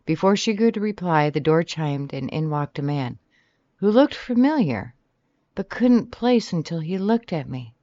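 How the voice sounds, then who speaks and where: An audiobook narrator reading a romance novel in the first person, animated and shifting pitch often from line to line. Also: a little slow, dry recording. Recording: slightly dull, dry recording.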